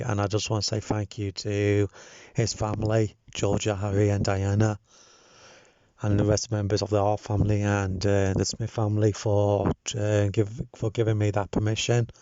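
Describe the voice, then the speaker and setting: A man's voice: fairly low pitch, level tone, moderate pace, mellow, dry recording. A young man giving a sincere, hesitant thank-you message, full of ums and restarts, recorded with dull lo-fi sound. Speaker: campaign organizer.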